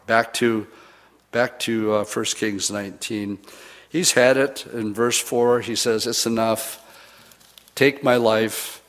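A man's voice: mid-range voice, fairly bright tone. A man preaching a sermon and acting out the lines of the people he quotes. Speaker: pastor. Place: church. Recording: long reverb of a church hall.

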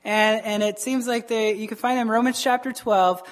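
Male pastor, conversational sermon, talks to the congregation like friends, throws in quick acted lines. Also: high voice, fairly even intonation. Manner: chatty, keeps asking "right?" and acts out quick voices.

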